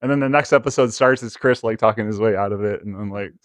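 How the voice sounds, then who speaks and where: Smooth-voiced band guy, playful. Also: on the low side, fast talker, dry recording. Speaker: band member. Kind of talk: casual chat.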